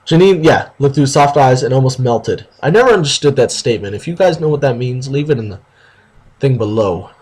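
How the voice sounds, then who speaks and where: A man's voice: mid-range voice, expressive, a little mellow, husky. A man reading a story aloud for a video, stumbling over words and breaking off for sarcastic comments. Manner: halting reading, sarcastic asides.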